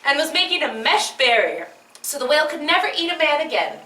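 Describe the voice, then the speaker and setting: Woman, playful storytelling, high bright voice, roomy echo. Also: fairly quick. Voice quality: animated, expressive. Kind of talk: playful read-aloud storytelling duo. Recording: roomy echo from a distant mic.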